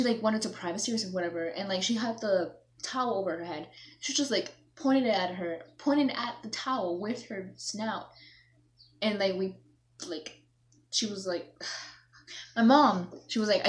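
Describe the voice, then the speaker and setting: A young woman vlogging, telling a story in a rambling, self-mocking way, acting out herself and her mom. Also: medium pitch. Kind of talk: casual storytelling to camera.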